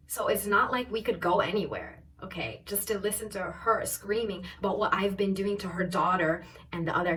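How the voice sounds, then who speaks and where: A young woman in her twenties telling a personal story on her vlog, animated and quick to act out what others said. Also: mid-range voice, far from the mic, a little hiss or hum. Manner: animated storytelling, quoting others in raised voices. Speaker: travel vlogger.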